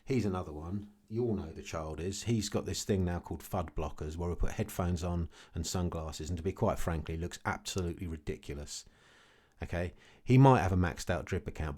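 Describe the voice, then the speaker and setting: Talking straight to camera, a man with a low-pitched, dark-toned voice rants casually about his investments. As a crypto vlogger, he is blunt and repetitive and keeps tacking "okay" onto his points.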